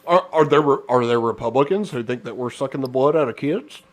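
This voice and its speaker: A man's voice: mid-range voice, fairly quick. A man co-hosting a casual political chat show, rambling and sarcastic, often restarting his sentences. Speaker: podcast co-host.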